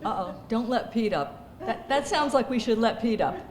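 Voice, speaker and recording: A woman's voice: fairly high pitch, animated, normal speed. A woman hosting a gala, lightly coaxing the audience for stories and questions. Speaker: event host taking audience questions. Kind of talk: moderating a gala Q&A. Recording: echoey hall with crowd chatter.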